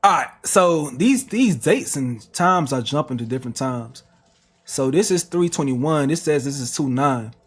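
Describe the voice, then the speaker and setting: A man's voice: medium pitch, expressive, a little slow, breathy edge. A man reading text messages aloud on a reaction stream, with slangy asides. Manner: plain reading broken by slang asides and laughs.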